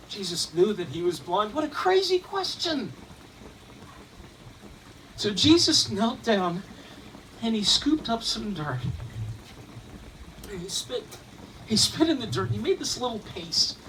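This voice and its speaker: A man retelling a story in the first person as an eyewitness, halting at times and repeating words. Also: sits high, fairly bright tone, a little hiss or hum. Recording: distant mic, faint room ambience.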